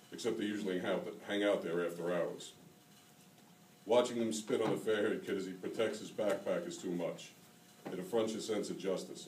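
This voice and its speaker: A man reads from his own fiction at a graduate reading, steady and measured. His voice sits low. The sound comes from a distance in a reverberant hall, with faint noise behind. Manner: steady, measured reading of second-person prose. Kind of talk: reading prose aloud at a graduate reading. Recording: roomy hall, taken from far off.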